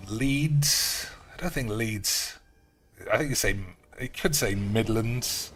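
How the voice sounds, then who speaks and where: Dude streaming a card game, bright edgy voice, swears a lot, faint music behind. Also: male voice, medium pitch, slow pace. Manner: rambling, sweary, offhand. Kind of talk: casual live-stream chat while gaming.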